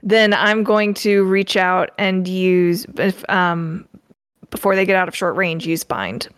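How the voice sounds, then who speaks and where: A woman's voice: fairly low pitch, slow, clear, resonant tone, dry recording, studio quality. A woman playing in a tabletop role-playing game, asking eager questions about the scene. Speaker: player. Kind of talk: tabletop role-play banter.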